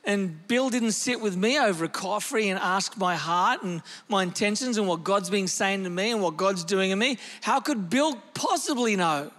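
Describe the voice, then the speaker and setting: A male pastor preaching a lively, animated sermon, with sudden shifts in pace and loudness as he tells a story. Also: high-pitched, normal speed, hardly any pauses, long reverb tail.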